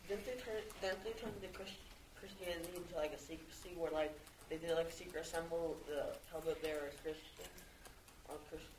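Hesitant low woman, distant and echoey. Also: fairly even intonation, fairly quick, a little mellow, a little hiss or hum. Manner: hesitant, full of "like". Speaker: class participant. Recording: distant echoey room pickup.

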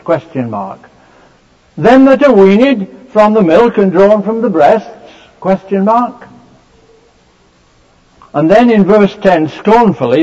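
A man's voice: sits high, darkish tone. Man preaching over a dull, muffled recording. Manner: measured, with frequent uh fillers and restarts. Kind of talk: sermon exposition of scripture.

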